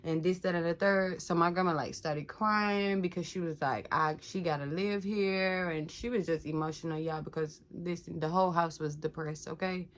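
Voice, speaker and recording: A woman's voice: on the low side, steady tone, moderate pace, hardly any pauses. A young woman candidly telling her own life story to her viewers, talking casually with lots of filler words and calling out to them directly. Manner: casual, addresses viewers as "y'all", many "like" fillers.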